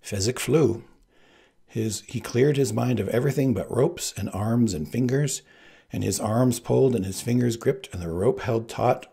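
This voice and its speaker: A man reading a novel aloud in an expressive, animated way. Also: mid-range voice, moderate pace, gravelly, slightly rough. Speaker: reader. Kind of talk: audiobook narration.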